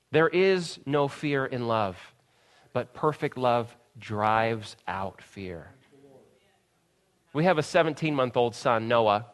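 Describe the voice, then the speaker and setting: In a mid-range voice, a man in his thirties delivers an earnest sermon as a pastor, sinking to soft, slow passages and then surging into loud, emphatic bursts.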